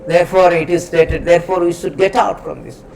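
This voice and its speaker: Emphatic high-voiced preacher. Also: male voice, brisk, gravelly, darkish tone, slight background noise, rough recording. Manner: emphatic, repeats phrases, chants Sanskrit verses. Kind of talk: scripture lecture.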